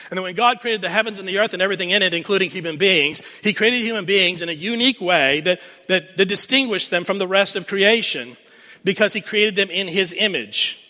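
A pastor's high, sharp voice moves fairly quickly as he preaches, turning a scripture scene into a story and hammering key phrases through repetition. The sound carries the long reverb of a big hall.

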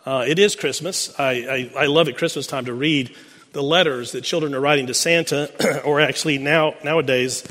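A man's voice: mid-range voice, steady tone, a little fast, a bit bright, big-room sound. A man with a Texan accent preaching a sermon as pastor, folksy and joking as he reads children's letters to his congregation. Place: large church sanctuary.

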